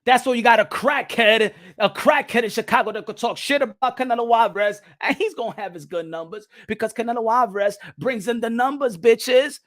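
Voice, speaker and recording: A man hosting a boxing commentary channel in a loud, profane, shouting rant that switches between English and Spanish. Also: extremely high pitch, a little fast, hardly any pauses, no echo, clean studio sound. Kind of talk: ranting video commentary.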